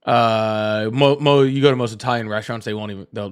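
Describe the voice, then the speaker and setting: A man's voice: lowish voice, fairly even intonation, fairly quick, clean tone. A man hosting a casual livestream, rambling with many fillers and restarts, greeting chat viewers by name and swearing offhand. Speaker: livestream host.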